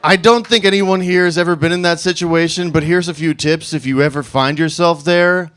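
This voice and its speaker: A man in his thirties tells a comic personal story to a live audience. His voice sits a little high, and he laughs through his own lines as he pokes fun at himself. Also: fairly even intonation, fairly quick, fairly bright tone, clear, resonant tone.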